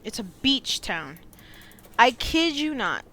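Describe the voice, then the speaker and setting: A young American woman on a podcast, telling animated stories and laughing often. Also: on the high side, slow. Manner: animated storyteller, laughs often, says "like" and "dude". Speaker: podcast co-host. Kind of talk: casual chat.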